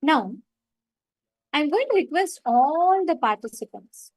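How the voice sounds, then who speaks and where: A woman's voice: sits high, expressive, slow, a little mellow, no room sound, rough recording. A woman facilitating a live online meditation session, retelling a story and stressing her points.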